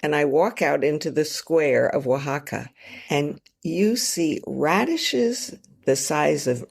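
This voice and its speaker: A woman author, a guest on a podcast, telling her travel stories in an animated, self-mocking way. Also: low voice, slow, creaky, breathy edge. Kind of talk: storytelling in a podcast interview.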